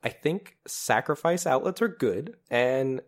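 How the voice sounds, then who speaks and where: A man co-hosting a podcast in casual chat, talking with enthusiasm and laughing easily. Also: medium pitch. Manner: enthusiastic, animated, quick to laugh. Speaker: podcast co-host. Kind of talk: casual chat about card-game strategy.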